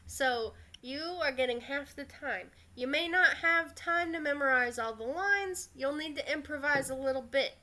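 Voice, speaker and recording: A woman's voice: sits high, moderate pace, few pauses, sharp tone. A woman doing a bossy goblin theatre director.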